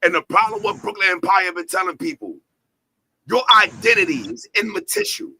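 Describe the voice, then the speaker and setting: A man's voice: sits high, expressive, fairly quick, gravelly, pushed and bright, slight background noise, rough recording. A man hosting his company's talk show, preaching in a profane, fired-up way and hammering points home with repeated lines and rhetorical questions. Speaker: host, head of an entertainment company.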